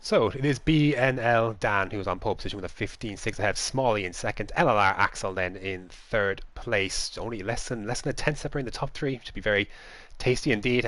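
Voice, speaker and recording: Low-voiced esports race commentator. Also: male voice, no echo. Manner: lively play-by-play with light laughs.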